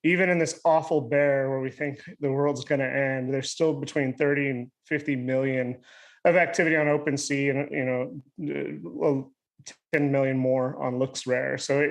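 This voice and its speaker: A man's voice: fairly high pitch, steady tone, moderate pace. A man in his thirties on a virtual panel, chatty and upbeat, talking at length.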